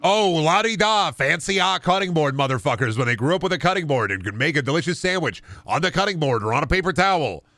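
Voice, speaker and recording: A man's voice: medium pitch, expressive, fast, few pauses, bright, forceful tone, no room sound. A man streaming a game, chatting casually and riffing through absurd comedy bits in a rambling way.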